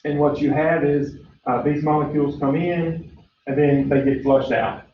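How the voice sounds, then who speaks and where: A man gives a recorded biology lecture in a chatty style, filling it with "uh"s and wandering into stories where he acts out character voices. His voice is fairly high, steady and slow, picked up far from the mic in an echoey room with dull lo-fi sound and faint hiss.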